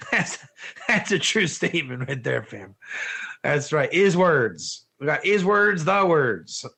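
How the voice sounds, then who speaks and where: A man teaching an online Torah class in a lively, joking way, firing questions at his students. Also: fairly high pitch, slow, creaky, pauses often, husky. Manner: animated, asks the class questions, often says "one or two", laughs at own jokes.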